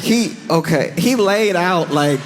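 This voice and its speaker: Animated, laughing male comedian. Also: high-pitched, takes it slowly, very noisy. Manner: animated, laughing, exaggerated storytelling. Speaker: stand-up comedian. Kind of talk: stand-up comedy.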